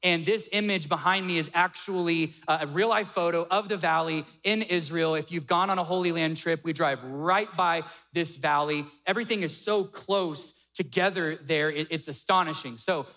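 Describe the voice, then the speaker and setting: A young man preaching a sermon, retelling a story with animated acted-out dialogue. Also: fairly high pitch, moderate pace, hardly any pauses. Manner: animated, acts out quoted dialogue. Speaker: pastor.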